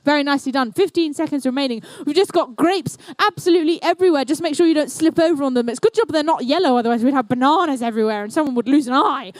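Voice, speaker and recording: A woman's voice: high voice, racing, few pauses, dry recording. A woman commentating a live indoor competition and emceeing it, with playful, jokey banter aimed at the crowd.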